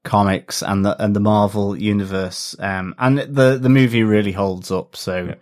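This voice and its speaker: A man's voice: on the low side, steady tone, moderate pace, a little mellow. A man co-hosting a TV podcast, chatting casually with playful jokes. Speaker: podcast co-host.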